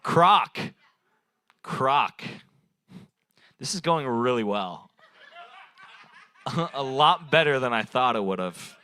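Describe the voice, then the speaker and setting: On a bar stage during an open mic night, a young man improvises rambling stand-up, playing off audience suggestions and laughing at his own jokes. His mid-range voice is sharp and expressive, delivered slowly with long pauses.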